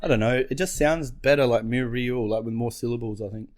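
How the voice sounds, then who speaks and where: A man's voice: medium pitch, fast. A man co-hosting a podcast with his brother, in casual, rambling banter that is full of swearing and self-mockery. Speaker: podcast co-host.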